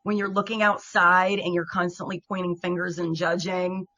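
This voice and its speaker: Female co-host, bright voice, earnest, casual talk. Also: lowish voice, little pitch movement, moderate pace. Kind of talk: casual chat.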